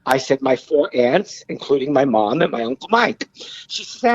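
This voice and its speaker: Middle-aged man telling animated stories. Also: medium pitch, moderate pace, slightly rough, dry recording, highs cut off. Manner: animated, acts out quoted voices. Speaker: podcast guest. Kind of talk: casual storytelling.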